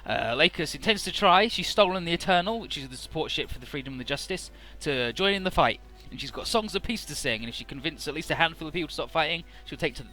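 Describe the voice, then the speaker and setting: A man's voice: fairly high pitch, bright, forceful tone. A man casually recapping a video game story for his let's play, chatty and full of "uh" and "he's like".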